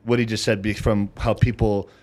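A man's voice: on the low side, little pitch movement, normal speed, darkish tone. Blunt man swearing in podcast talk. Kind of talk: casual podcast chat.

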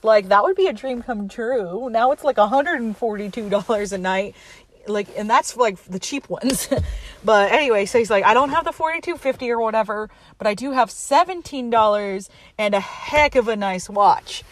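A woman's voice: a little high, normal speed, no echo. A young woman casually retelling a movie plot, chatty and laughing often, acting out the characters' lines.

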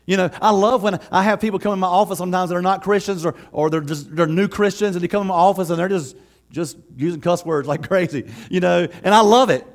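A man preaching a sermon as pastor, conversational and lively, laughing often and acting out quotes. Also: sits high, quick pace.

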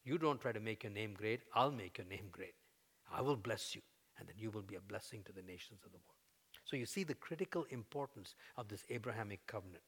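A man preaching a sermon, conversational with fillers, building to loud, emphatic peaks as he voices prayers. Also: on the low side, expressive, a little fast, breathy edge. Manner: fillers and restarts, conversational teaching.

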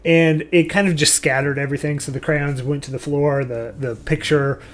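A man's voice: on the high side, fairly even intonation, normal speed, slight background noise. A man running a tabletop game as game master, narrating in a loose, rambling way with frequent restarts.

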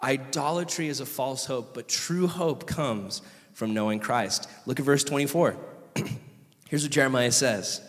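A man's voice: medium pitch, unhurried, fairly bright tone. A man from California, a pastor giving a passionate, conversational sermon and asking the audience questions. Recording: long reverb of a hall.

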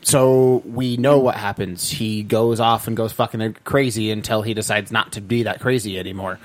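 A man's voice: lowish voice, fairly even intonation, moderate pace. A man co-hosting a casual podcast, arguing and explaining his points and swearing now and then. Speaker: podcast co-host.

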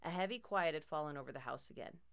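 A woman's voice: sits low, quick pace, creaky, a bit bright, clear, resonant tone. A woman narrating a first-person horror story in a tense, dramatic way.

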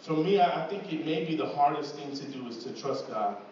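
A man preaching to his church as pastor, repeating words and asking "right?" as he builds to louder passages. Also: fairly high pitch, expressive, fairly quick, slight background noise. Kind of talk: sermon. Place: church hall. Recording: echoey hall from far off, dull.

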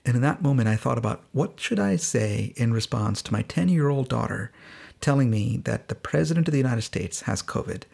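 A man's voice: medium pitch, lively intonation, brisk, vocal fry, a little mellow, husky. A middle-aged man hosting a podcast, telling a personal story in a candid, sardonic way and laughing now and then. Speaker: podcast host.

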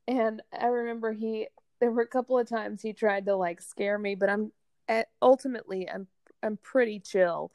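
A woman's voice: medium pitch, fairly even intonation, moderate pace, a little mellow, no echo. A woman in her thirties in casual chat, easygoing, laughing and reacting to a friend's story.

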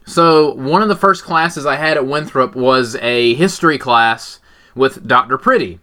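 A man's voice: mid-range voice, a little slow, pushed and bright. A young man hosting a podcast with casual, crude, joking banter. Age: young adult. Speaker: podcast host. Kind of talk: casual chat.

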